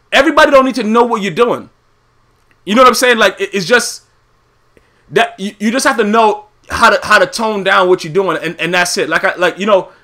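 A man hosting a podcast, animated and profane in a casual rant, who keeps asking "you know what I'm saying". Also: sits high. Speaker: podcast host.

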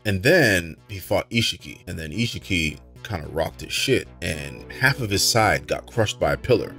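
A man hosting a casual manga read-through and reaction, excitable and slangy, laughing often. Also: low voice, moderate pace, few pauses, soft background music. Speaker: manga reaction show host.

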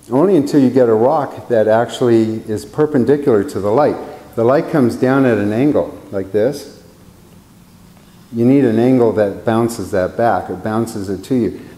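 A man's voice: mid-range voice, warm tone. A man teaching painting in a casual, rambling way, telling anecdotes and acting out the quotes. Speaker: painting instructor. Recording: roomy hall reverb.

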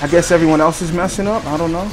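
A man giving casual, rambling gameplay commentary, joking around with sudden excited outbursts. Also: on the high side, rapid-fire, noisy background. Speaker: gaming channel host. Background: game music.

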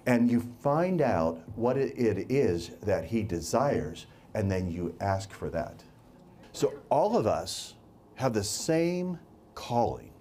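A man's voice: fairly low pitch, warm tone, slight background noise. A man preaching a sermon, emphatic and repeating words for stress.

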